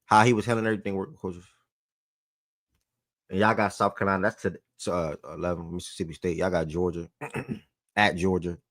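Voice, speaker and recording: A man's voice: low voice, fairly even intonation, brisk, long pauses, a bit bright, no room sound. A man hosting a sports talk show in a loose, slangy way, repeating phrases for emphasis and getting worked up.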